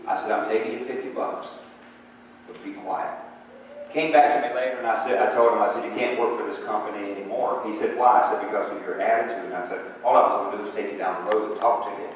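Preacher in an echoey hall. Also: male voice, fairly low pitch, rapid-fire, few pauses, recorded from a distance, a little hiss or hum. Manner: rising to emphatic calls for response; conversational storytelling. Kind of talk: sermon. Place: church sanctuary.

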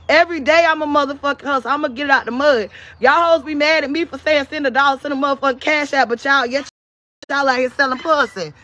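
A social media vlogger with a Southern North Carolina accent and a high, slightly bright voice rants defiantly and profanely to her followers. The live-stream is unscripted, and she is out of breath at times.

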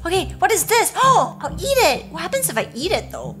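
This is a young woman with a very high voice that swings widely, eager and excitable as she narrates a game role-play. She gasps and exclaims often, and game music plays clearly behind her. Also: a little fast.

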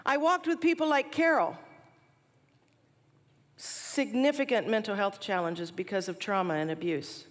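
Woman in her forties, chapel speaker with lively storytelling; long reverb from a big hall. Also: mid-range voice. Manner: animated storyteller, laughs at herself.

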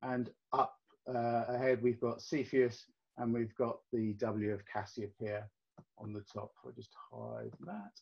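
A man gives a relaxed, explanatory club presentation over a video call, with many ums and uhs. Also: mid-range voice, measured pace, gravelly, husky. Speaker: astronomy club meeting presenter. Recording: dull lo-fi video call audio.

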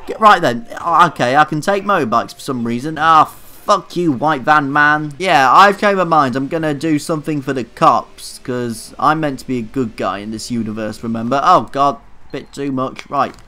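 Soft music plays behind a young YouTuber narrating his own gameplay in a casual let's play. He's flustered, swears heavily, and pokes fun at himself in a medium-pitched, bright, forceful voice at normal speed.

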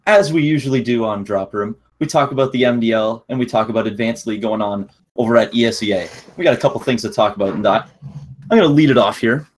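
A man's voice: mid-range voice, quick pace, husky. A young man co-hosting an esports podcast, laid-back and joking, reading out chat and giving match rundowns. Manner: laid-back, laughing, bro-talk. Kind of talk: casual chat.

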